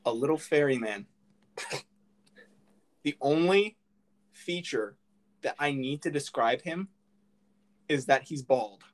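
A man's voice: mid-range voice, animated, slow, long pauses. A young man in casual chat, telling a silly made-up story in a playful, teasing way.

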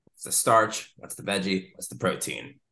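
A man's voice: low-pitched, big pitch swings, normal speed, creaky, pushed and bright, echoey room. A man in his thirties co-hosting a podcast, talking casually and rambling through a long, detailed story full of fillers. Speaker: podcast co-host.

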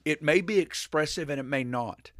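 A man in casual faith conversation, retelling a story as an animated storyteller who rambles and restarts. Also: a little high, normal speed, no room sound, studio quality.

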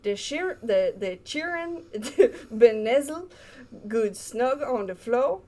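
A woman reading a holiday tale aloud in a put-on Cajun accent, slow and halting. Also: a little high, lively intonation, darkish tone. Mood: playful.

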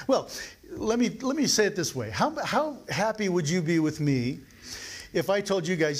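A man preaching to his congregation in a slightly higher-than-usual voice. He keeps it conversational, stopping often to put questions to the people in front of him. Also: sing-song, moderate pace, husky. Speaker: pastor. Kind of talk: sermon. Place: church.

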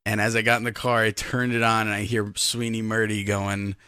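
Lively man telling a sports story. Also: on the low side, a little fast, clear, resonant tone, no echo, clean studio sound. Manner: animated storytelling, emphatic. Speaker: podcast co-host. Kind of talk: casual chat.

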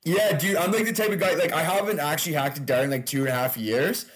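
A man's voice: fairly high pitch, fast talker, a bit bright. A man, a stand-up comedian, chatting casually as a podcast guest, loose and laughing, with frequent swearing.

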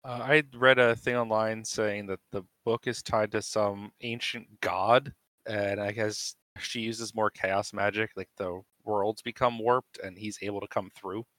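A man co-host chats eagerly on a podcast and fills his sentences with "like". His voice is bright and forceful, and the sound is close and dry. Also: on the low side, steady tone, unhurried, dry recording. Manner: enthusiastic, lots of "like" fillers. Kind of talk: casual podcast chat.

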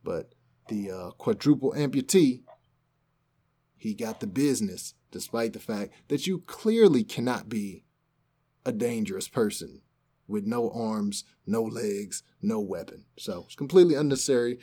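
A man's voice: lowish voice, animated, a little slow, mellow, slightly rough. Guy on a podcast telling a news story, acts out what people said. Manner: conversational storytelling, acts out quotes. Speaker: podcast co-host. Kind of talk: casual news discussion.

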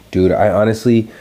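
A young man hosting his own video, ranting casually and profanely about something that annoyed him online. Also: lowish voice. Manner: profane, exasperated, animated ranting. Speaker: video host. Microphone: recorded alone at home.

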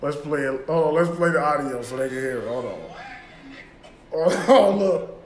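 A man's voice: a little high, moderate pace, roomy sound, faint music behind. A man co-hosting a podcast, talking loosely and profanely and laughing often. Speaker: podcast co-host. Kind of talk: casual chat.

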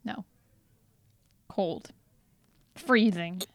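A woman co-hosting a podcast in casual chat, playful and quick to giggle. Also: lowish voice, dry recording. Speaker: podcast co-host.

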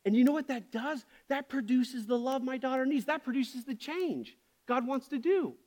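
A man's voice: extremely high pitch, normal speed, darkish tone. A man preaching a sermon as pastor, speaking with passion and candor. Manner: passionate, candid.

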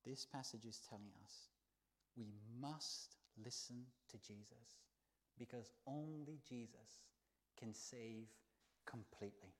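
A man preaching a sermon in a church, telling the story with lively swings between soft, hushed lines and loud exclaims. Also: mid-range voice, takes it slowly. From not from the country where he preaches.

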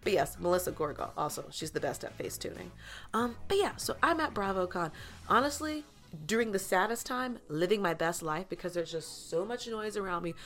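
Animated gossipy woman telling a story. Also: mid-range voice, fairly quick, soft background music. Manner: animated, dramatic, slangy and gossipy. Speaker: comedic storyteller. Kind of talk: comedic storytelling monologue.

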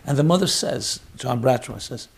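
A man giving a sermon, swinging between loud exhortation and quiet storytelling. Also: medium pitch, expressive, normal speed, gravelly, husky.

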